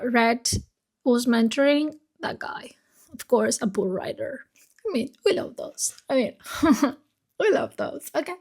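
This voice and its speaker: A husky woman talks slowly and casually about the books she read this week, rambling and swearing freely. Her voice sits a little high with a gravelly edge, picked up on a phone. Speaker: book vlogger.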